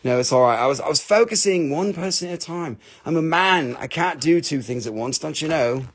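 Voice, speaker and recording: A man's voice: a little high, animated, a little fast, husky. A man hosting a live stream that sells crystals and minerals, with rambling, joking, playfully crude sales patter. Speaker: host selling crystals and minerals.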